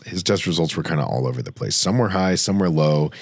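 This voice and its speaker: A man's voice: rumbling low, expressive, quick pace, no echo, clean studio sound. A man hosting a podcast, telling a story casually and animatedly, cursing freely. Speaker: podcast host.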